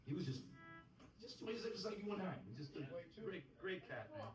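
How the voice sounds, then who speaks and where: A man's voice: on the high side, animated, fairly quick, over loud music. A man leading a band, telling a rambling story between songs with many restarts. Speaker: bandleader. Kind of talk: stage banter between songs. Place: live music pub. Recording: echoey live room, distant mic.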